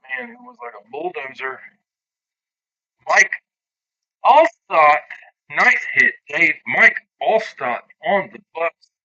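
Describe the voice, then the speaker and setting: A man hosts a casual live card break, cheering each hit for his viewers. His voice is very bright and rises and falls freely, and he takes his time. The stream audio sounds a little dull and lo-fi. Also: fairly high pitch, very animated, slow pace, long pauses. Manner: upbeat, calls out hits to viewers. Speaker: card break livestream host.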